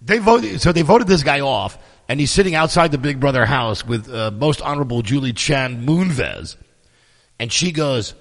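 A middle-aged man hosting his podcast, telling stories in a sarcastic, profane, animated casual monologue. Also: medium pitch, moderate pace, gravelly, in a large hall. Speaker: podcast host.

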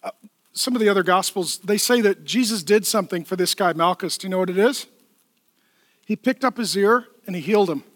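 High, bright-voiced animated preacher man. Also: a little fast, dry recording, studio quality. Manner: animated, playful, acts out voices and laughs at own jokes. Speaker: pastor. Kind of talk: sermon. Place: church.

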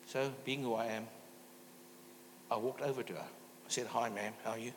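A man's voice: medium pitch, brisk, long pauses, fairly bright tone. A man preaches in a church, telling stories and calling out for amens. His voice rings with a long hall reverb, and a faint hum sits underneath. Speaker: guest preacher. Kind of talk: sermon.

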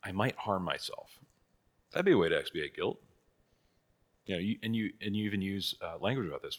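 Casual, low-voiced man teaching catechism. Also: lively intonation, brisk, pauses often. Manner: casual, rhetorical questions, frequent "right?" and "like"; laughs at his own asides. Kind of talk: conversational church teaching.

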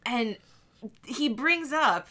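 A woman's voice: high voice, expressive, very slow, bright, forceful tone. A woman co-hosting a podcast, chatting casually, laughing often and acting out quotes. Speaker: podcast co-host. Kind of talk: casual chat, recapping.

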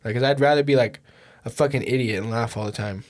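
A man's voice: medium pitch, fast talker. A young man hosting a casual home podcast, swearing constantly and laughing often as he tells stories. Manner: profane, laughing a lot, animated storytelling. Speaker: podcast host. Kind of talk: casual chat. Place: home podcast setup with a mixer.

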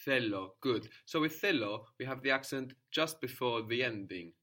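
A man with a mid-pitched voice leads a language lesson. He speaks patiently and encourages his student, breaking each point down step by step. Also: lively intonation, normal speed, pushed and bright. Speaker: language teacher.

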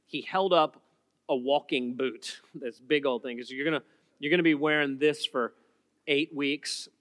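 A man preaching a sermon as pastor, emphatic, swinging between loud repeated lines and quiet asides. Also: medium pitch, no room sound, clean studio sound, long reverb tail. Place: church auditorium.

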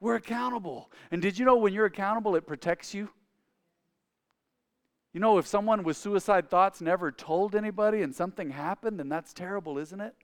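High-voiced man preaching in a reverberant hall. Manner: animated, acts out dialogue in quick voices. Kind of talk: sermon-style storytelling.

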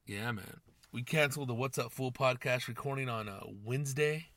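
A man's voice: mid-range voice, normal speed, a bit bright, dry recording. Profane, rambling young man host. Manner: profane, rambling, slangy, says "dude" and "man". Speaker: podcast host. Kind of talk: casual monologue.

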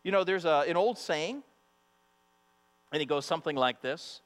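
A male preacher's sermon, directed at the women listening, comes in a high, fairly bright voice with lively intonation and a fairly quick pace. He's emphatic and repeats himself for weight. Behind him are the long reverb of a hall and a faint mains hum.

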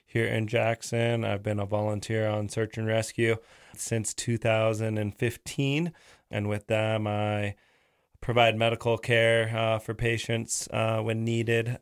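Low, smooth-voiced man, relaxed and dry. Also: no echo. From Washington State. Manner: relaxed and joking, with "uh" fillers. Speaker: emergency room nurse and search and rescue volunteer. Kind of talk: interview self-introduction.

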